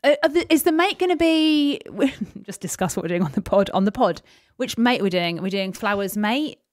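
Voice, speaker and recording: A woman's voice: mid-range voice, lively intonation, normal speed, no echo. Woman, podcast co-host, chatty, laughs a lot, dry close sound. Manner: chatty, laughing, reading emails aloud. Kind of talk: casual chat.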